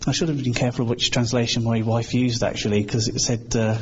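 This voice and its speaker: With a mid-range voice, a level tone and a brisk pace, a British man delivers an informal sermon, earnest and conversational, acting out the voices he quotes. The recording is a bit dull, with faint hiss behind him.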